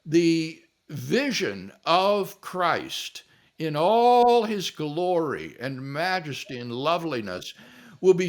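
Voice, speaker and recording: Older man, guest philosopher, lively raised voice, acts out quotes. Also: fairly high pitch. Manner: animated storyteller, acts out quotes. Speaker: guest philosopher answering questions. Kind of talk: relaxed question-and-answer storytelling.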